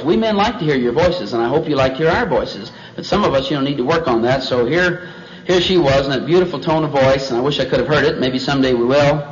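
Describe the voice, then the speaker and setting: A man preaching a sermon in a folksy, animated storytelling manner. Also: medium pitch. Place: large meeting hall. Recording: dull old 1970s tape recording.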